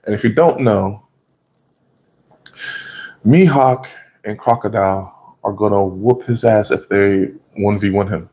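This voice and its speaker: A man giving a casual, profane, animated recap of an anime episode, often laughing and acting out the scenes. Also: on the low side, measured pace, pauses often, lo-fi sound.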